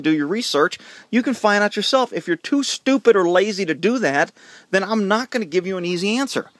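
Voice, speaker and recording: A middle-aged man with a fairly high voice, recorded close and dry. He rants bluntly to camera, exasperated, swearing freely and repeating words as his temper rises. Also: a bit bright, no echo. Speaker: horse trainer and channel host. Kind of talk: ranting monologue to camera.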